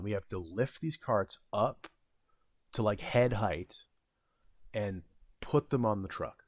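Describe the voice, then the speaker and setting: A man's voice: lowish voice, animated, measured pace, pauses often, no room sound, clean studio sound. A man in his thirties casually telling a rambling, self-deprecating story about his retail job, with frequent fillers and restarts. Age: 30s. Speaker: vlogger.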